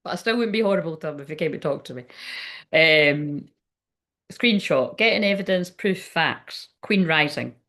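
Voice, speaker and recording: A woman's voice: sits low, animated, moderate pace, fairly bright tone. A Scottish woman giving a casual live tarot reading, blunt, sweary and chatty, with lots of fillers. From Scotland. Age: adult, ten years online. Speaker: spiritual reader on a livestream.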